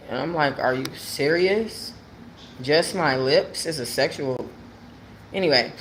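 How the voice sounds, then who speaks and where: A woman with a deep, low voice tells a personal story on her own channel, chatting casually with her viewers. She talks in slang with plenty of fillers and sounds close to tears. A faint hiss sits under the recording. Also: a bit bright. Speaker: host of a talk channel. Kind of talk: casual livestream chat with viewers.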